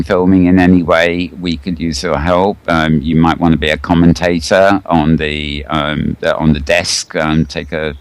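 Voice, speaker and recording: A man hosting a relaxed live talk show, his voice pitched very low. He rambles and hesitates, filling gaps with ums and restarting sentences. The sound is dry and close, with no room echo. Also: clear, resonant tone. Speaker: host. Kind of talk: casual live show chat.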